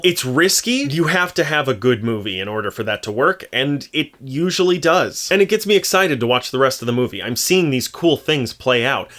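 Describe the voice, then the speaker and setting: A man giving a casual solo film review, animated and sarcastic, his voice jumping up in exasperation. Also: medium pitch.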